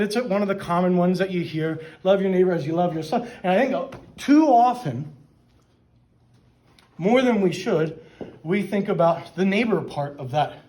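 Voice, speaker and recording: High-voiced man speaking casually to a church group. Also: a little mellow, poor audio. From Pennsylvania. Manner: informal, frequent "right?" and "um", self-restarts. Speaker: guest speaker at a men's church gathering. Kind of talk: casual, conversational talk to a small group. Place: church meeting room.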